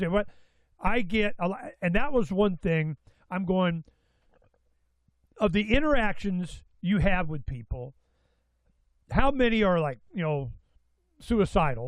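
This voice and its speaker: A fairly high-voiced man holds forth as the show's host, excitable and rambling, circling back and restarting his thoughts. The sound is dry and close, with no room around it. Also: slow, long pauses, no room sound, poor audio. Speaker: radio show host. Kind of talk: casual talk-show monologue.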